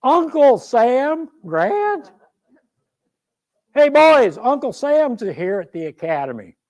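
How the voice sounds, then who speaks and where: A man's voice: very high-pitched, sing-song, slow pace, darkish tone, dull audio, voice pushed up, heavily acted. A man voicing a brash young male cadet with a Western Ohio accent, hollering and teasing across a parade ground.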